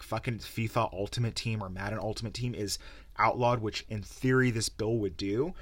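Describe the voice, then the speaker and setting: A man's voice: fairly low pitch, fairly bright tone, dry recording. A man hosting a solo gaming podcast, ranting heatedly and swearing a lot into a close mic. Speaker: podcast host.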